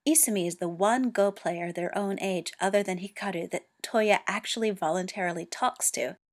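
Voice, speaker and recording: Woman narrator, story reading, steady, mid-pitched voice, even delivery. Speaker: reader. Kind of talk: reading fan fiction aloud.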